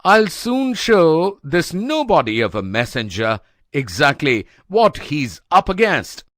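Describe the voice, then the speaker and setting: Man doing a vain, thundering sea god, big swings in pitch, dry close sound. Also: wildly swooping pitch, slow pace, no room sound, heavily acted. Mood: indignant. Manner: booming and boastful. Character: proud, big-headed male water god. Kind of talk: storybook acting.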